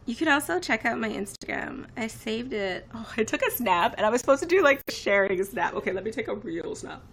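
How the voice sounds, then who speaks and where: A woman's voice: a little high, expressive, a little fast, vocal fry, breathy edge. A woman in her twenties chatting casually on a live stream, rambling and reacting to viewer comments. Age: 20s. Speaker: livestreamer.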